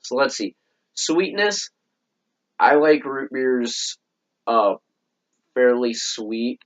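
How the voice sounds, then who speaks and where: A young man co-hosting a soda review with his father, hoarse from a cold, agreeable and quick to chime in. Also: medium pitch, animated, a little hiss or hum. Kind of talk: casual chat. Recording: dull lo-fi sound.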